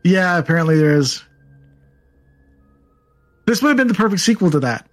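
A man's voice: high voice, big pitch swings, normal speed, soft background music. A man co-hosting a casual movie chat, tossing in wry, teasing remarks. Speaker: podcast co-host.

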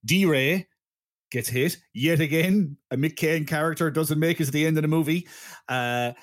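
A man's voice: a little high, normal speed. A man co-hosting a podcast, rambling through a plot summary with frequent laughs and restarts. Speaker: podcast co-host. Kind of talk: casual chat.

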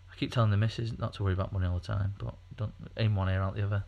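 Male podcast co-host, lowish pitch, loose chatty delivery full of ums and restarts. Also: level tone, racing, creaky, a little mellow. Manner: rambling, chatty, many fillers and restarts. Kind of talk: casual podcast chat.

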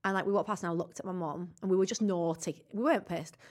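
A woman's voice: on the low side, fairly even intonation, quick pace, a little mellow. A woman co-hosting a podcast, telling stories in a chatty, cheeky way and often giggling. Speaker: podcast co-host. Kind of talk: casual chat.

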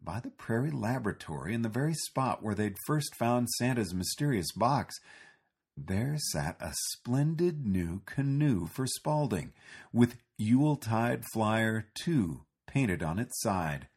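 Guy reading a storybook out loud, low husky voice, really lively ups and downs. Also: unhurried. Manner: expressive, animated reading.

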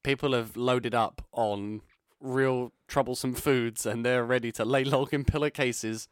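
A man's voice: mid-range voice, fairly even intonation, unhurried, clear, resonant tone, no echo, clean studio sound. A man co-hosting a podcast in casual chat, teasing and wry with frequent laughter. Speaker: podcast co-host. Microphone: podcast microphone.

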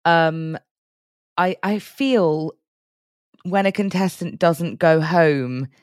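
A woman's voice: on the low side, very slow, smooth, no echo, clean studio sound. A woman from Britain co-hosting a podcast, chatting casually and animatedly, laughing often and trying out silly impressions. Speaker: podcast co-host. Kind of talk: casual chat.

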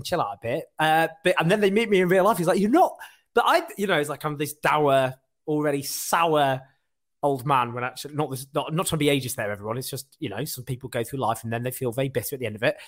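A man's voice: a little high, fairly bright tone. A man hosting a podcast in a casual, chatty interview with a guest. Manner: chatty, laughs while talking. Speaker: podcast host. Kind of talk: casual chat.

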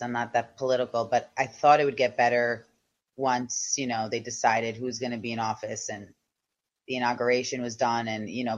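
A woman's voice: rumbling low, lo-fi sound. A woman guesting on a podcast, talking frankly and chattily with casual slang. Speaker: guest, comedian and podcast host. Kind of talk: casual interview chat.

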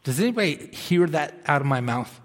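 A male pastor preaching a sermon, earnest, swinging from quiet, slow stretches to emphatic bursts. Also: on the high side, lively intonation, in a large hall. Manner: earnest, rising to emphatic bursts then dropping soft and slow. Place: church sanctuary.

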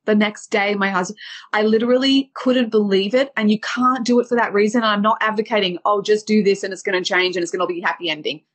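Breathy woman telling a heartfelt story. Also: medium pitch, steady tone, quick pace. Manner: vivid retelling with acted quotes. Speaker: dating and relationship coach. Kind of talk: emotional personal storytelling.

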